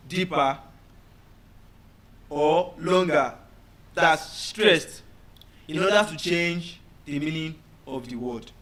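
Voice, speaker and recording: Man, teacher, high bright voice, slow drilling delivery, keeps asking if the class follows. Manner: deliberate, repeats words to drill students, checks understanding. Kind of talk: classroom lecture.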